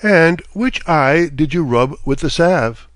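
Brief: sly, smooth storybook fairy man, read by a man, higher voice, close dry sound. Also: lively intonation, takes it slowly, a bit bright, no echo. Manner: smooth, unruffled.

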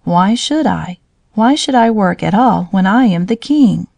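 A woman's voice: mid-range voice, expressive, measured pace, vocal fry, a little mellow, no room sound. A woman reading a storybook aloud, voicing a proud, self-important male drone bee who means to be king. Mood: boastful.

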